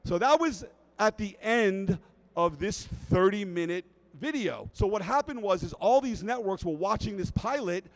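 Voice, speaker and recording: Animated, high-voiced man telling a story. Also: normal speed, poor audio. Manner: animated, keeps checking in with "right?". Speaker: speaker at a fan convention. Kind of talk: comic storytelling to a live audience.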